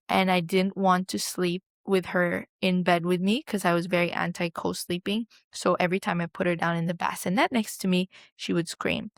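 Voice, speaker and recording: A woman's voice: fairly low pitch, dry recording, clean studio sound. Candid young mother telling her story. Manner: emotional, candid, quotes others in her retelling. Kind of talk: personal storytelling to camera.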